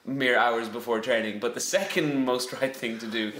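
A man's voice: mid-range voice, steady tone, moderate pace, fairly bright tone, a little hiss or hum. A man in casual podcast chat, bantering in a wry, self-mocking way. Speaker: podcast co-host. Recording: roomy echo.

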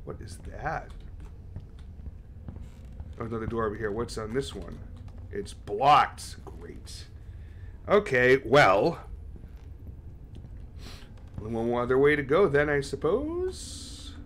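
A man's voice: medium pitch, slow, pauses often, a bit bright, a little hiss or hum. A man live-streaming a horror game, talking casually and swearing as he chats with his viewers. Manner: casual and profane, chatting with viewers.

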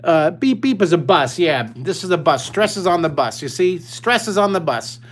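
An older man with a slightly high voice leads a live drawing lesson for kids, streamed from his webcam. He is enthusiastic and playful, talking straight to the children as he draws. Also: big pitch swings, moderate pace, husky. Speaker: drawing teacher.

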